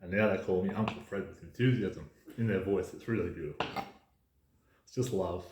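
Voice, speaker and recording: A man talking on his own in a fired-up, ranting way, leaning hard on his words and swearing freely. His voice sits a little low. The sound is roomy, with a clear echo around him. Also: fairly quick, background noise. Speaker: podcast host. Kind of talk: casual monologue.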